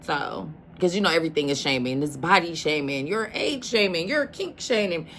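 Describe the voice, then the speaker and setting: A woman's voice: lowish voice, animated, moderate pace, fairly bright tone, slight background noise. A woman hosting a reaction video, talking casually and emphatically, often addressing the listener as "baby.".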